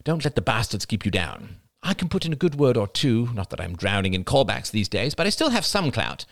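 A man's voice: medium pitch, very animated, a little fast, vocal fry, no echo, clean studio sound. A man voicing a proud, ailing middle-aged woman, a former famous reporter, who talks in a brash, snappish, theatrical way.

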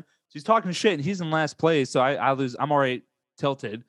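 A man chatting casually about online gaming as podcast host, animated and swinging up in pitch when he rants. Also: quick pace, dry recording.

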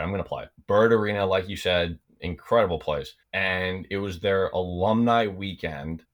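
A man's voice: deep voice, fairly bright tone. A young man, a guest on a podcast, telling long casual stories about his college hockey days, full of "like" and repeated words. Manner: rambling, repeats words, lots of "like". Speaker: podcast guest, former college backup goalie. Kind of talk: casual storytelling.

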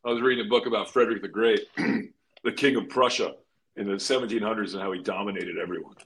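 A man co-hosting a podcast, telling stories in a loud, profane, animated way. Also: on the low side, fairly quick, slight background noise. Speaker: podcast co-host. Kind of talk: casual podcast banter.

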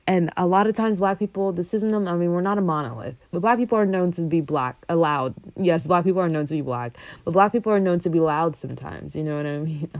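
A young woman from a Congolese family, talking casually and animatedly, swinging from loud bursts to low asides. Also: dry recording. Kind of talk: casual monologue.

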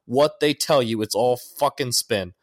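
A man's voice: mid-range voice, a little slow, no echo, studio quality. A man co-hosting a podcast, ranting in casual chat and swearing constantly. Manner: profane, ranting. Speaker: podcast co-host.

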